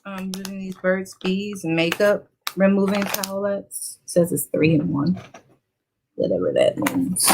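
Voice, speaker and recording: A woman's voice: mid-range voice, lively intonation, measured pace, gravelly, background noise. A woman in her thirties chatting casually to viewers during a makeup tutorial, encouraging and talkative. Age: 30s. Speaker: beauty vlogger.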